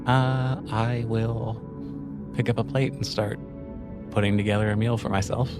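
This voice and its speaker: A man's voice: fairly low pitch, unhurried, over music. A man talking casually as a player at a tabletop role-playing game. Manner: lively, chatty.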